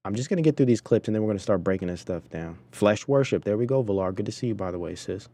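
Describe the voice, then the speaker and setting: Man host, indignant commentary, dark mellow low voice. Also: animated, fast talker. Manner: preachy, indignant, talks to chat. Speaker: podcast host. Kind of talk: commentary on clips.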